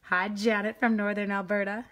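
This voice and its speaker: A woman's voice: mid-range voice, little pitch movement, moderate pace, a bit bright. A middle-aged Canadian woman with a Canadian accent, chatting to viewers as she demonstrates a live stamping craft.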